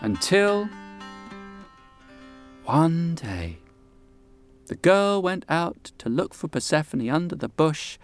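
A man telling a folk tale with unhurried, dramatic pauses and folksy asides, over guitar music. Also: fairly high pitch, big pitch swings, no room sound. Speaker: storyteller. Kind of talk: oral storytelling.

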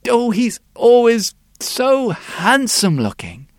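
A tiny wooden girl longing for her father, put on by a man telling the tale, her voice climbing high and wavering into cries. Her lines are slow and pleading, and a soft guitar plays in the background. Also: big pitch swings, dry recording, studio quality, full character voice. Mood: eager. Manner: high childlike voice, breaking into cries. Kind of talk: storytelling.

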